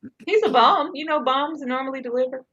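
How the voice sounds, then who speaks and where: High, bright-voiced woman ranting. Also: fast, dull audio. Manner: animated, incredulous ranting. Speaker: co-host reviewing a reality show. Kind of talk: casual reality TV breakdown.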